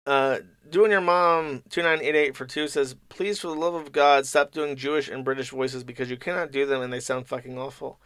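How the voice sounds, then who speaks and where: A man's voice: mid-range voice, fairly even intonation, brisk, hardly any pauses, fairly bright tone, smooth, dry recording, studio quality. A man hosting a livestream, reading paid donations aloud and answering them with mocking, profane commentary. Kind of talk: casual commentary stream.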